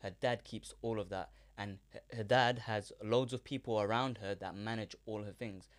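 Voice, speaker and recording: Chatty man, lowish voice. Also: fairly even intonation, normal speed. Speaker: podcast co-host. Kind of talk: casual podcast chat.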